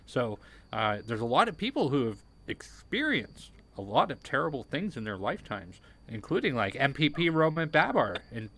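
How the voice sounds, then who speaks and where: Man, livestream host, explanatory, bright tone. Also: medium pitch, big pitch swings, normal speed. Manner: explanatory, giving historical context. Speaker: show host. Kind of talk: livestream commentary.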